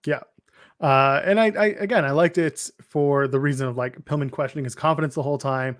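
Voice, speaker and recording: A man chatting casually as a podcast co-host, rambling through wrestling recaps with wry jokes. His voice sits slightly on the high side for a man. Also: brisk, no room sound, studio quality.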